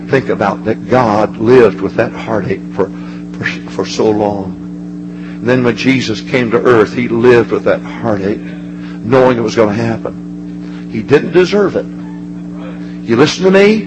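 A man preaching a fervent sermon. He swings between ringing shouts and low, hushed passages. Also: slow, music in the background, poor audio.

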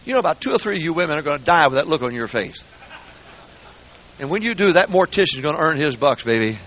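A man preaching a folksy, joking sermon in a church, swinging between quiet asides and shouting. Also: fairly high pitch, big pitch swings, fast talker, slight background noise. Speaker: guest preacher. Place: church sanctuary.

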